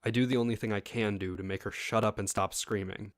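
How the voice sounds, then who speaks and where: Man, fairly low voice, casual story reading, asides to listeners, dry close sound. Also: fairly even intonation, fast, dry recording. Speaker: story reader. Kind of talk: reading a first-person internet story aloud.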